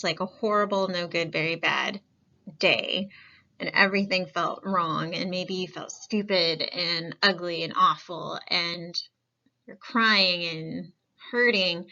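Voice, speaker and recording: A woman giving a calm, coaxing life skills lesson. She asks the listener many reflective questions and often says "um". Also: mid-range voice, highs cut off. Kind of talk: gentle reflective lesson talk.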